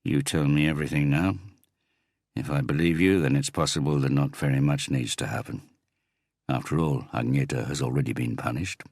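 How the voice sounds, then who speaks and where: A man's voice: rumbling low, steady tone, darkish tone, no echo. A man reading as a cold, icy police inspector. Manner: cold, pressing, measured. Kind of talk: audiobook character reading.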